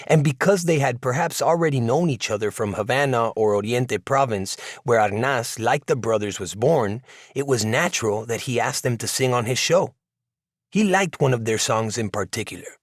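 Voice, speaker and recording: A man's voice: medium pitch, dry recording, clean studio sound. Reflective man narrating a memoir. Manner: reflective, measured, first-person memoir. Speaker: audiobook narrator. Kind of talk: scripted narration.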